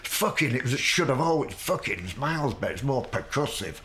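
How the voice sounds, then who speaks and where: An older Mancunian man tells long, wandering stories in a loose chat, swearing freely and chuckling along. His voice sits at an ordinary middle pitch for a man, and his manner is relaxed and conversational. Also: fairly quick, a little hiss or hum. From Manchester, England. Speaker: guest poet. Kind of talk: casual chat.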